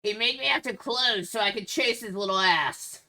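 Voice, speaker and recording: An angry male ogre shopkeeper bellows crude, indignant complaints, as a woman game master puts him on. The voice is bright, raised and forceful, pitched up and loud. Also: normal speed. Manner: shouting, indignant.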